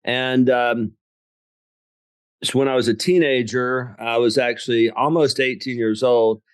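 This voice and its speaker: A man's voice: mid-range voice, fairly even intonation, unhurried, smooth, no echo. A middle-aged man with a Southern US accent, from southern Alabama, telling his life story as an interview guest in a folksy, joking way. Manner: folksy, jokes and laughs at own stories. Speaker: guest, business coach and author.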